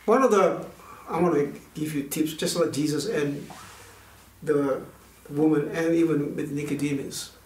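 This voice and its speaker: A man's voice: fairly high pitch, unhurried, darkish tone. A male minister giving an earnest, conversational sermon and telling a personal story, with many restarts. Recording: roomy, voice distant from mic.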